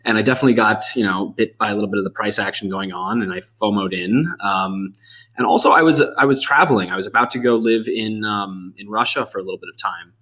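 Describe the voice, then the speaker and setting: Male podcast guest with a low voice, relaxed and chatty. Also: fast talker. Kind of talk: casual interview conversation.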